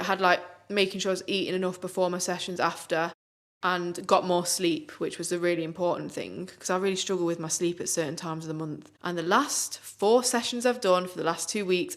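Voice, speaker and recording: A young woman co-hosts a casual podcast, talking in an upbeat, chatty stream full of fillers. Her voice sits on the lower side for a woman. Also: a bit bright. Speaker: podcast co-host.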